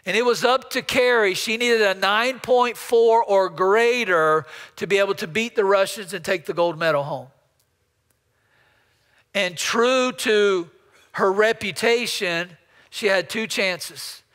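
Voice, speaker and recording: A man's voice: high voice, takes it slowly, fairly bright tone, smooth, big-room sound. A man preaching a storytelling sermon as pastor, often repeating words as he builds up a story. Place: church sanctuary.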